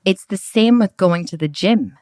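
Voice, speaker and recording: A woman hosting a podcast, telling a personal story in a frank, lively way and acting out past conversations. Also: mid-range voice, moderate pace, no echo, studio quality. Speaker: podcast host. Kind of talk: casual storytelling monologue.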